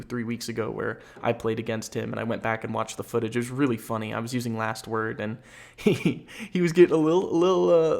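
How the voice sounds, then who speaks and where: Gravelly-voiced man ranking gamers casually. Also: medium pitch. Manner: laid-back, rambling, hesitant with restarts. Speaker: streamer and gaming content creator. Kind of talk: casual gaming commentary ranking players.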